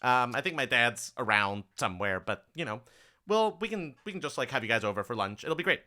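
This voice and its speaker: A man voicing an eager young female gnome who stumbles over her words with excitement. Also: mid-range voice, brisk.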